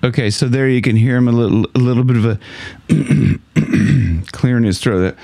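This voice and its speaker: A man teaching a casual singing lesson, explaining in a laid-back, rambling way and often clearing his throat. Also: medium pitch, normal speed, noisy background. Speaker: vocal coach.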